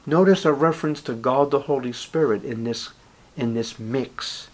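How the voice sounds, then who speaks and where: With a medium-pitched voice, a middle-aged man preaches as pastor, delivering his sermon passionately. He reads scripture aloud and leans on dramatic pauses.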